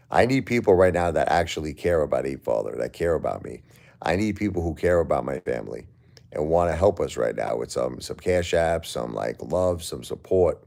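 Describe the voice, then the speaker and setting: A grieving middle-aged man hosting a casual livestream, weary and emotionally drained, talking to viewers with halting, repeated words. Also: extremely low pitch, lively intonation, vocal fry, a little mellow. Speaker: livestream host.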